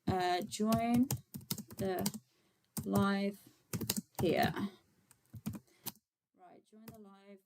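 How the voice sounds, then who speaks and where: A medium-pitched, chatty woman from Birmingham, England, is livestreaming. As a vegan activist and host, she keeps the chat casual and informal, leaning on plenty of fillers while she addresses viewers and sets things up.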